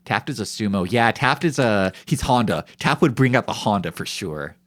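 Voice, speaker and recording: A man's voice: lowish voice, animated, normal speed, a bit bright. A young man streaming, chatting casually in rambling, profane, joking banter. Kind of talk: casual chat on a live stream.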